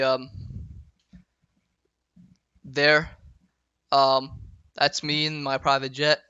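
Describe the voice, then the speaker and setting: A man giving a school-style grammar lecture, spelling out verb endings slowly and telling viewers to write them down. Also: medium pitch, pushed and bright, clean tone, no room sound, low-quality recording. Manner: slow, deliberate, spells out endings, asks viewers to take notes. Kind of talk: student-made lecture video.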